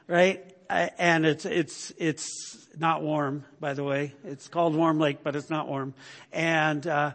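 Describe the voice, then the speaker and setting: A man's voice: fairly high pitch, a bit bright, in a large hall. A man preaching a sermon in a chatty, storytelling way, often checking in with "right?". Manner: conversational, storytelling with frequent "right?". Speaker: pastor.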